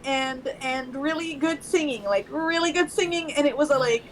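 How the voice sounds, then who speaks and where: A woman with a high voice chats casually with a streamer. She laughs easily and reacts with loud surprise. A faint hiss of noise runs beneath her. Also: normal speed, rough recording. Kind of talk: casual live-stream chat.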